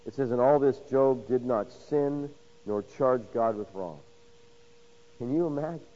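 A man preaching a sermon, swinging from loud emphasis to hushed, intimate lines and acting out quoted voices with rhetorical questions. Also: mid-range voice, a little slow, highs cut off. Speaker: pastor.

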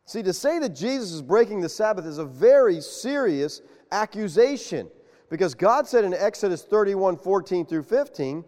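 A man preaching a sermon, animated and quizzing his congregation with questions. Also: high-pitched, normal speed. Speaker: pastor. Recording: long reverb of a large hall.

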